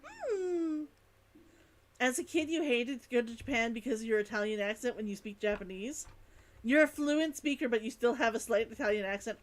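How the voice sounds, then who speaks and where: A woman from Canada, chatting enthusiastically while streaming a game, often laughing and repeating herself. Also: a little high. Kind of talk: casual gameplay chat.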